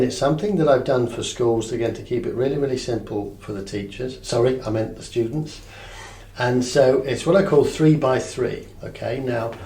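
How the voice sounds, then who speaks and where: A man teaching a breathing technique as a mindfulness coach, calm and checking in often with his listener. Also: mid-range voice, far from the mic, a little hiss or hum. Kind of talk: guided breathing lesson. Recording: echoey room, voice off-mic, faint ambience.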